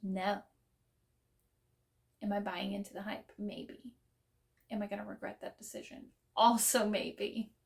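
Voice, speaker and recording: A woman's voice: medium pitch, flat delivery, measured pace, gravelly, long pauses. A young woman chatting casually to camera about books she wants to read, playful and self-deprecating. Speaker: book vlogger. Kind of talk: casual to-camera book chat.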